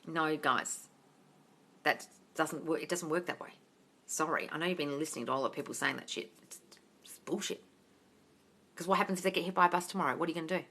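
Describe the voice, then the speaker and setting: Bright, blunt sweary woman coach. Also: sits low, brisk. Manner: blunt and sweary, calls viewers darling. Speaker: manifesting coach hosting a live Q&A. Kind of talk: casual live-stream chat reading comments.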